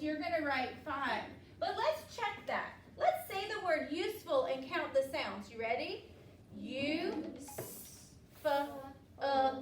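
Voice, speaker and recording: A woman teacher leading a classroom phonics lesson, upbeat and patient, drawing words out slowly for the children. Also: high-pitched, fairly bright tone. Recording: echoey classroom from far off.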